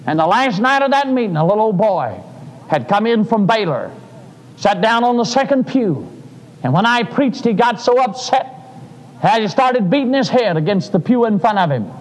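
A man's voice: high voice, big pitch swings, normal speed. An older man, preaching a sermon in a folksy storytelling way that rises to fervent cries. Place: church sanctuary. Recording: live sermon in a reverberant church.

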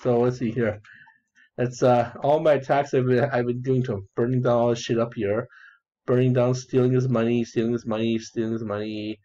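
A man gives casual commentary on his own game, rambling, crude and repeating himself, often breaking into giggles. His voice sits at a middling pitch. The recording sounds dull and lo-fi. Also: flat delivery, brisk, dark tone. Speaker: gamer narrating his play.

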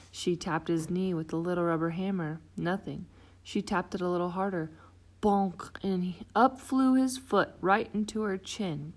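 A woman reading a children's picture book aloud, expressive and playing out the sound effects. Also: fairly low pitch, measured pace. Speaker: storybook reader.

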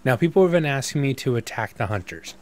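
A man's voice: medium pitch, lively intonation, fast talker. A man giving casual let's-play commentary as a gaming YouTuber, rambling and self-mocking as he thinks aloud.

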